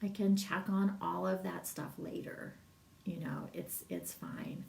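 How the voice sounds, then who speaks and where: A woman's voice: lowish voice, very animated, measured pace, gravelly, darkish tone, echoey room, distant mic. A middle-aged woman, a massage business coach, talking in a casual, rambling livestream and reading out viewer comments. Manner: chatty, rambling, laughs often, reads viewer comments.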